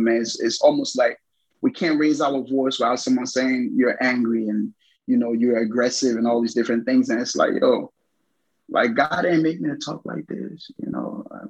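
A man's voice: mid-range voice, breathy edge, muffled recording. A man co-hosting a casual faith discussion, talking with passion and projecting his voice, with plenty of fillers. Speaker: podcast co-host.

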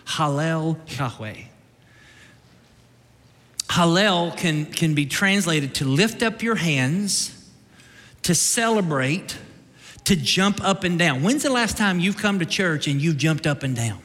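A man preaching a lively, joking sermon as pastor, shifting into loud shouts and mock voices. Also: fairly high pitch, takes it slowly, long pauses, long reverb tail. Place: church sanctuary.

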